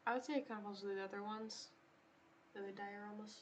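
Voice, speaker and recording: Woman, middle pitch, casual chat, short agreeable replies, faint background noise. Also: steady tone, quick pace. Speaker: co-judge.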